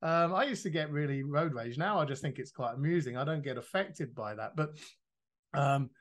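Animated man talking life coaching. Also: on the high side, normal speed. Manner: animated, swears freely, acts out quoted voices. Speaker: podcast guest. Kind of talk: casual podcast conversation.

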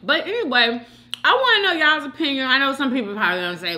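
A woman hosts a mukbang and chats casually between bites. Her pitch swings widely as she talks, and her voice has a bright, forceful edge. She is opinionated and speaks directly to her viewers. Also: sing-song, quick pace. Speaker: mukbang host. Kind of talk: casual chat while eating.

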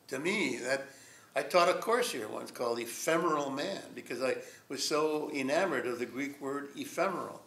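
An older man tells stories from his teaching days in a rambling, reflective way, breaking into chuckles. His voice sits a little high. He is recorded in an echoey college lecture room. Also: a bit bright. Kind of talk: storytelling lecture.

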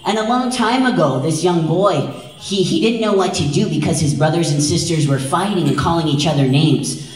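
A man from Wisconsin telling a traditional story on stage at an event, lively and drawing in the crowd with frequent questions. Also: fairly high pitch, normal speed, few pauses. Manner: lively, engaging the audience with frequent "right?". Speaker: storyteller and dance presenter. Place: large event hall. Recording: echoey hall, voice from far off.

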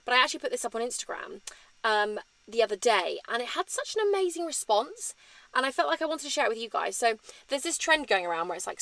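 Woman in her thirties, vlog host, candid and tangent-prone, slightly high voice, dry close sound. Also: sing-song, fast, fairly bright tone, no room sound. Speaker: vlogger. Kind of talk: chatty sit-down vlog.

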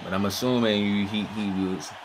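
A man's voice: lowish voice, fairly even intonation, normal speed. A man hosting a reaction video, talking in loose slangy chatter and often asking if you feel him. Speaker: reaction channel host. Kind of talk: casual reaction commentary. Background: music playing.

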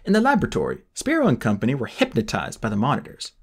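Guy reading an audiobook, really expressive, voice goes up and down a lot, bit husky. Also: medium pitch, quick pace. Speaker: audiobook reader. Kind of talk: amateur audiobook narration.

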